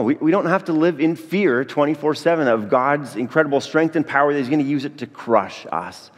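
A man's voice: on the high side, lively intonation, a little fast, few pauses. A man preaching a sermon to his congregation in a church, joking and speaking directly to the people. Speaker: pastor. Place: church sanctuary. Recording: long reverb of a church hall.

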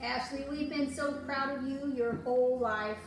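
High-voiced woman in an echoey recording. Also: moderate pace. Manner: affectionate. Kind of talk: recorded congratulation message. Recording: echoey, distant, with music behind.

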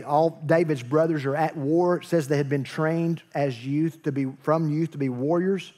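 A man's voice: on the high side, a little mellow. A man preaching a sermon as pastor, telling a story with acted-out dialogue and joking asides.

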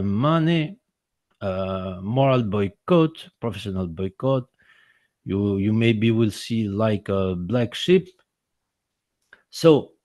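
Man, filmmaker presenting his own story, slow and halting non-native English, earnest, dry close sound. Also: mid-range voice, darkish tone, no room sound. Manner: halting non-native English, many restarts and repeated words. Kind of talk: personal account in a presentation.

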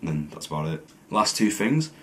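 A man's voice: a bass voice, big pitch swings, normal speed, a bit bright, slight background noise. A young man doing a casual challenge vlog, reading questions aloud and answering bluntly with plenty of swearing. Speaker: vlogger.

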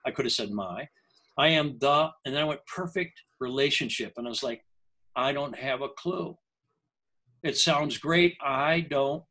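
A man's voice: medium pitch, a little slow, pushed and bright, low-quality recording. An older man, a language coach, telling a personal story in an interview, earnest and often breaking off and restarting his sentences.

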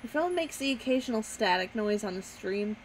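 A woman's voice: mid-range voice, expressive, brisk, a little hiss or hum, low-quality recording. A young adult woman reading game narration aloud on a stream, dry and wry.

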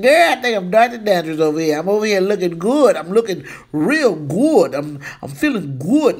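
Lively, playful woman vlogger. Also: mid-range voice, moderate pace, hardly any pauses. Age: 50s. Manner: playful, squeals with excitement. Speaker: beauty vlogger. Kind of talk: casual hair tutorial.

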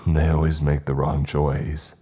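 A man's voice: rumbling low, monotone, unhurried, mellow, slightly rough, faint music behind, exaggerated voice. A man voicing a grave, regretful male priest who speaks solemnly and apologetically in a horror story. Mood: sorrowful.

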